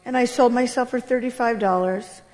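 A woman giving an emotional personal testimony to an audience, telling her story with emphatic, impassioned delivery and sudden leaps in pitch. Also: moderate pace, a little mellow. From United States. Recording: long reverb of a large hall.

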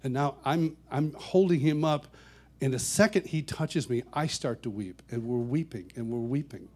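A man telling a personal story to an audience, animated, often laughing and repeating words as he goes. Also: normal speed. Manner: animated, laughs often, gets louder and higher as the story builds. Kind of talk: storytelling talk.

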